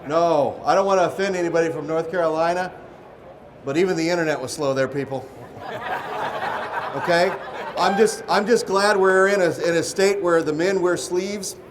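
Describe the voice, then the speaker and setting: A man with a high voice plays the deadpan sidekick in a live comedy act. Background noise from the event runs under his lines. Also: normal speed. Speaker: comedy cooking show co-host.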